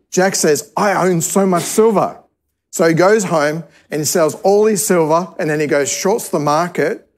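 A man preaching a sermon to a church service, telling a parable in an easygoing, conversational way and often restarting his sentences. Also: a little high. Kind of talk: sermon teaching.

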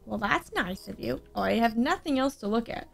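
A woman playing a video game and commenting excitedly, chatting and reading the on-screen text aloud. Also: a little high, normal speed, vocal fry. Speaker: gamer playing on her channel. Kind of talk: let's play commentary. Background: game music.

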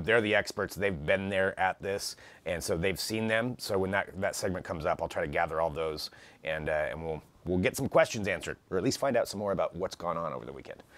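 A man's voice: sits low, dry recording. A man co-hosts a live tech show and chats loosely with his partner. His voice swings up and down as he reads out viewer comments. He laughs easily and keeps the tone easygoing. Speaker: co-host.

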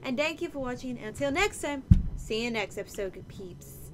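Excitable high-voiced woman gamer. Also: normal speed, soft background music. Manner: excitable, whooping, playful slang. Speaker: let's play gamer. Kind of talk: casual gameplay commentary.

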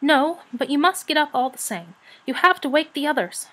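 A cross little female rat, put on by a woman reading a storybook, hissing and grumbling in a raised, squeaky voice. She sounds anxious and peevish, with a lively up-and-down delivery. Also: moderate pace, rough recording. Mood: agitated.

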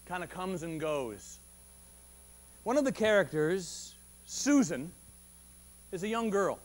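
A man preaching a Sunday sermon as pastor, animated and conversational, with frequent restarts and rising emphasis. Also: high voice, slow. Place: church service.

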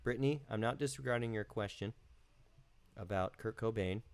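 Male live-stream host with a low voice, laid-back and meandering, from home. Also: moderate pace. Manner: relaxed, rambling, with many fillers. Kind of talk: casual live-stream chat.

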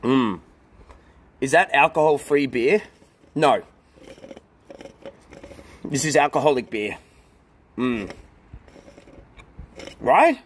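A young man streams outdoors beside a pool, chatting laid-back with his viewers and often bursting into laughter. His mid-pitched voice is very animated but extremely slow, with long pauses. There's a little hiss or hum on the audio.

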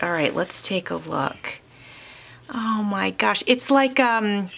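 A woman vlogger opens craft mail at home and talks her viewers through each piece. She speaks slowly and lingers over her words, gushing with warm exclamations. Her voice is bright and clear, and it sits in a middle pitch. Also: a little hiss or hum. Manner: reads card messages aloud. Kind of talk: casual unboxing chat to camera.

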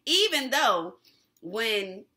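A woman hosts a casual recap of a TV episode, talking in loose slang and breaking into laughter often. Her voice is bright and swings widely in pitch as she gets worked up. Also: sing-song, very slow. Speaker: TV recap host.

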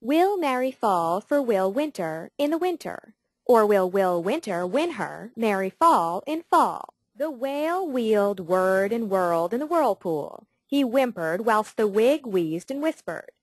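Woman, tongue-twister voice drills, crisp deliberate diction, lively intonation, dry recording. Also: mid-range voice, dry recording. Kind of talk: reading tongue-twister voice exercises.

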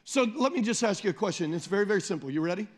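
A man preaching a sermon as pastor, emphatic, repeating phrases, calling on the congregation and slowing down to read scripture. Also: high-pitched, animated. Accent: Midwestern American. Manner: slows down and lifts the voice when reading scripture.

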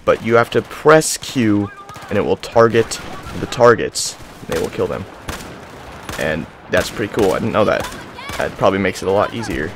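A young man giving excitable gameplay commentary, yelling in panic and triumph. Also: fairly low pitch, moderate pace, a little hiss or hum. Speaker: gaming channel host.

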